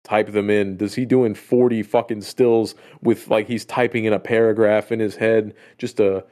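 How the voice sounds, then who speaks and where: A man co-hosting a podcast in casual chat, rambling and excitable, swearing often. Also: lowish voice, moderate pace. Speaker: podcast co-host.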